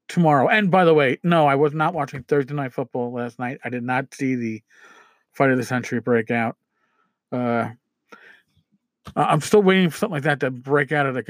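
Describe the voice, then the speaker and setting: A man's voice: mid-range voice, no echo. A man hosting a casual podcast, ranting with swearing, fillers and restarts. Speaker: podcast host. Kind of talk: casual solo podcast commentary.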